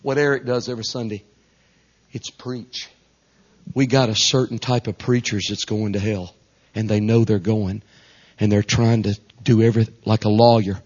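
A man, a traveling Pentecostal preacher, delivering a revival sermon emphatically, with lots of repetition and a husky voice. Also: lowish voice, steady tone, normal speed. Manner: emphatic, repetitive, swings between hushed and raised. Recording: dull lo-fi recording.

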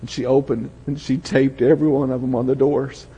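An older Southern pastor delivers a storytelling sermon in a husky, slightly breathy voice. His words ring out with a long hall reverb, as from a church sanctuary. He drops to a quiet hush when the story turns tender. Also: medium pitch, level tone, a little fast. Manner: storytelling, drops to a soft hush for emotional moments.

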